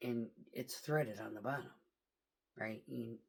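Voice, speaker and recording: A woman's voice: extremely low pitch, fairly even intonation, measured pace, vocal fry, slightly rough. A woman truck driver telling a story in a casual vlog, swearing freely and talking animatedly.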